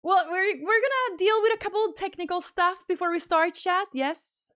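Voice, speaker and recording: High-voiced woman streamer chatting casually. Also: normal speed, no room sound, clean studio sound. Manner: chatty, thinks aloud while fiddling with stream settings; bursts into high excited thanks for gifted subs. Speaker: livestream host. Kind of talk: casual live-stream chat.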